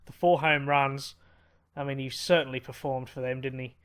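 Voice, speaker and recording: A man's voice: medium pitch, level tone, moderate pace, a bit bright, clean tone. A man hosting a baseball management let's-play, talking in a rambling, casual way with many fillers and restarts, elated. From Australia.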